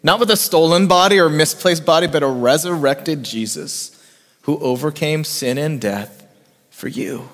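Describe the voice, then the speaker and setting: Middle-aged pastor guy preaching, kinda high voice, goes loud then real soft, big echoey church hall. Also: normal speed. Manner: preaching with big swings between raised emphasis and hushed, soft passages. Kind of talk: sermon. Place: church sanctuary. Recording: long reverb of a church hall.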